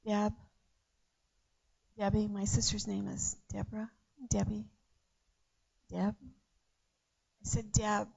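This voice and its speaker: A woman preaching a sermon in an earnest way, repeating phrases and swinging from hushed to loud. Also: medium pitch, little pitch movement, takes it slowly, vocal fry, long pauses, husky, lo-fi sound.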